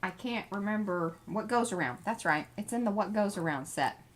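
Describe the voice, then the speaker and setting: A woman with an expressive mid-range voice speaks at a normal speed while co-hosting a craft livestream. Chatting casually, she greets viewers and reads their comments aloud from the chat.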